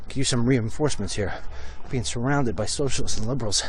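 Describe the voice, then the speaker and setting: A middle-aged man with a mid-range voice speaks briskly, with slight background noise behind him. Hosting a walk-and-talk show, he strolls down a residential street talking into his phone, bluntly ranting about politics in an opinionated live-stream monologue.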